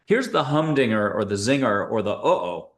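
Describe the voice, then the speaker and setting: A man hosting a spiritual show, guiding listeners through an exercise in a playful, upbeat, joking way with quick asides. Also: fairly low pitch, very animated. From United States. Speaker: host and angel intuitive. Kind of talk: guided spiritual talk to listeners.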